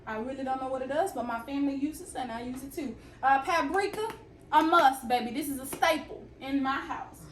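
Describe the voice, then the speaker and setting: Young woman, Southern accent, high voice, playful and chatty, cooking vlog, roomy kitchen. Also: a little fast, far from the mic, a little hiss or hum. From Alabama. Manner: chatty, playful, talks straight to viewers. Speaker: fitness and cooking vlogger. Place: home kitchen. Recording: roomy kitchen audio, mic set back.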